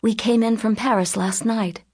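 A woman voicing a tall teenage American girl who is quick to tears, breathless and pleading. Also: fairly high pitch, fairly even intonation, darkish tone, slightly rough. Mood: earnest.

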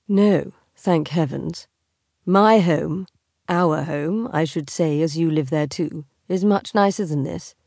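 A woman voicing a teasing, insolent young aristocratic husband in a slow, drawling, mocking manner. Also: low voice, gravelly, darkish tone, no room sound, studio quality, exaggerated voice.

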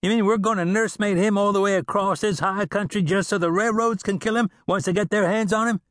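A man voicing an angry, hot-headed male bounty hunter in an audiobook western, shouting in a hostile way. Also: high-pitched, fairly even intonation, fairly quick, dry recording, studio quality, voice pushed up. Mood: indignant.

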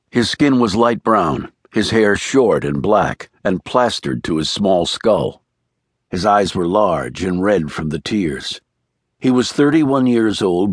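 A man narrating a thriller audiobook in a measured, even storytelling manner. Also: deep voice, no echo, studio quality.

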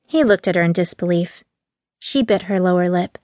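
A woman reading a novel aloud as an audiobook narrator, steady and even. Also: lowish voice, normal speed, dry recording, studio quality. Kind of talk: scripted narration.

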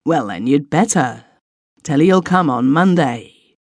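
A woman's voice: low voice, expressive, a little slow, a little mellow, husky, dry recording, studio quality, heavily acted. A woman reading as a pushy, exasperated elder brother. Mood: pressing. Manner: persistent, questioning, exasperated.

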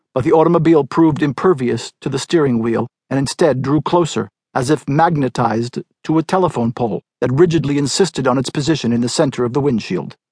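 A man narrating a literary short story in a measured, even audiobook reading. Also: mid-range voice, husky, no echo.

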